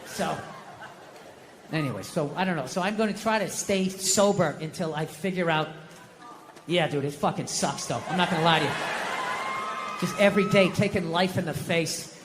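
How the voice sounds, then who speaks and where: A man's voice: high voice, moderate pace, long pauses. A man doing stand-up comedy in a large windy open-air venue, ranting in a profane, sardonic way into a stage microphone. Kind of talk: stand-up set. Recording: long reverb, loud venue ambience.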